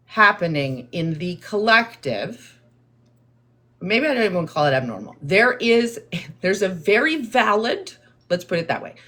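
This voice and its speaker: This woman has a mid-range voice and speaks slowly and deliberately while responding to chat on her livestream. Her delivery is calm, explanatory and therapist-like, and she says her measured tone strikes viewers as condescending.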